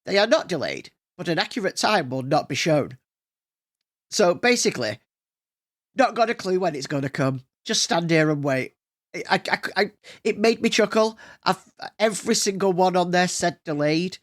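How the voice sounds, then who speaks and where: Guy rambling on his podcast, gravelly fry in the voice, lots of uh and um. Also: fairly high pitch, normal speed, a bit bright. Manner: rambling, many fillers and restarts. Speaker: podcast host. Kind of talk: casual solo chat.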